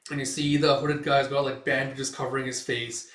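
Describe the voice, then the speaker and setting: A man's voice: medium pitch, little pitch movement, normal speed, a bit bright. A man casually recapping a comic in a rambling way, full of fillers. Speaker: comic reader and reviewer. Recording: roomy echo, distant mic.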